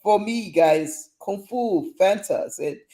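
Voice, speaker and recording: A man's voice: high voice, lively intonation, slow, mellow. A young man hosting a casual live stream, reading viewer comments in a playful, teasing way and laughing often.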